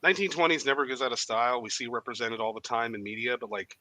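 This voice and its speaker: A man's voice: medium pitch, quick pace, sharp tone, dry recording, rough recording. A man who has written a book, chatting as a podcast guest over a video call, rambling with plenty of fillers. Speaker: author and guest. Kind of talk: casual chat.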